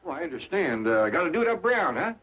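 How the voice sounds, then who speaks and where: An actor playing a calm, kindly middle-aged hillbilly patriarch with a folksy drawl, in a tinny old sitcom recording. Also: male voice, on the high side, fast talker, breathy edge. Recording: tinny, narrow old TV sound.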